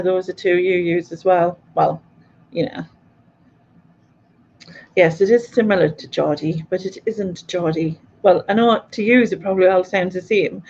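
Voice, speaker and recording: A livestream quiz host from North East England speaks with a Mackem accent, chatting casually and laughing often as she reads out viewer comments. Her mid-range voice is a little mellow, and the recording has the highs cut off with a little hiss or hum.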